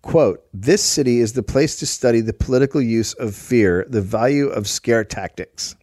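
A man's voice: mid-range voice, normal speed, darkish tone, dry recording, clean studio sound. A man co-hosting a comedic history podcast, reading from his research notes and adding wry asides in casual chat. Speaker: podcast co-host presenting the story.

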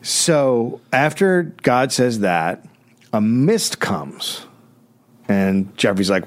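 A man co-hosting a comedy podcast, telling a story casually with wry, deadpan asides. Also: mid-range voice, extremely slow.

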